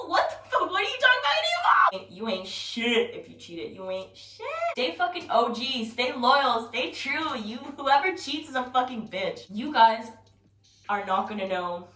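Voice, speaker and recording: Young woman ranting, bright and roomy. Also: sits high. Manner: profane, blunt, animated ranting. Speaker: vlogger. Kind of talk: casual rant to camera. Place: at home. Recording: roomy, distant from mic, music behind.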